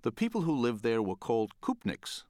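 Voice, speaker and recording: An older man from the Bronx, a children's book illustrator, giving an animated, wry storytelling talk. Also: medium pitch, normal speed, dry recording, clean studio sound. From the Bronx, New York.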